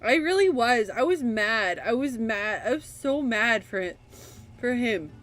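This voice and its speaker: A woman's voice: fairly high pitch, animated, measured pace, fairly bright tone. A woman streaming a video game, reacting emotionally and swearing freely as she plays. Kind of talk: casual gameplay commentary. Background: game music.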